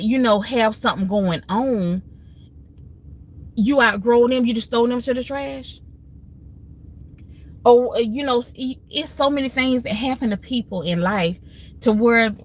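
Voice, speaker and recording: Heartfelt woman chatting on a livestream. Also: mid-range voice. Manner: heartfelt, preachy storytelling with Southern Black church phrasing. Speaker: live stream host. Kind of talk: casual live stream talk to viewers.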